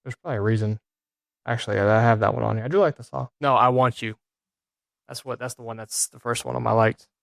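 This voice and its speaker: Laid back american dude rambling about baseball, dry close mic, middle pitch. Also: male voice, fairly even intonation, fast talker, creaky, a bit bright, dry recording. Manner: loose, rambling, lots of fillers. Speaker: co-host, former player. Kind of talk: casual sports chat.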